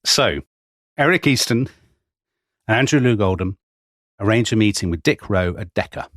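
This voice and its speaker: A man with a lowish voice narrates history to his co-host in a wry, chatty manner, slipping into little laughs. The sound is close and dry, with no room around it. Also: expressive, moderate pace, fairly bright tone, no echo. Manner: wry, chatty storyteller who laughs mid-sentence. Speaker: podcast co-host. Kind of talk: conversational history storytelling.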